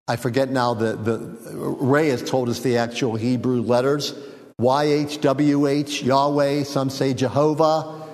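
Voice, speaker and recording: A man preaching a sermon, teaching in an unhurried, reflective way with frequent fillers and small jokes. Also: mid-range voice, a little mellow, big-room sound. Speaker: pastor.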